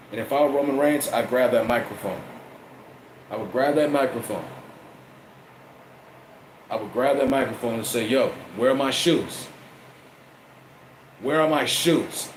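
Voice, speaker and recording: Man giving a profane, rambling wrestling review. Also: mid-range voice. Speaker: wrestling commentator. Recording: echoey room with faint air conditioning hum.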